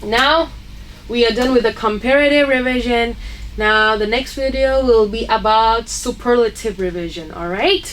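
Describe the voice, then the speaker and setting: A woman's voice: fairly high pitch, moderate pace, a bit bright, slight background noise, low-quality recording. A woman teaching an English grammar lesson, patiently explaining and checking in with her class after each point. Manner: patient, checks in with "okay?" and "right?".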